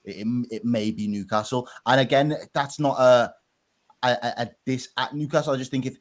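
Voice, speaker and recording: Male podcast host, lively and jokey, loose casual chat. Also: medium pitch, moderate pace. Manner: animated, laughing, swears.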